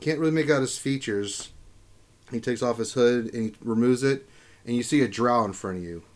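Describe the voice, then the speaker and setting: Casual young male game master. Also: medium pitch. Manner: casual, halting with fillers. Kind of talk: narrating a tabletop game.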